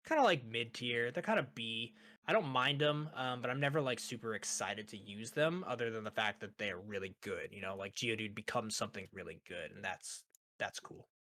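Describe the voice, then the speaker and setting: Young male host, bright tense tone, loose rambling chat with frequent laughs. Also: mid-range voice, animated, moderate pace. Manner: laughing often, rambling, casual. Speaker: host ranking characters. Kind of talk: casual chat.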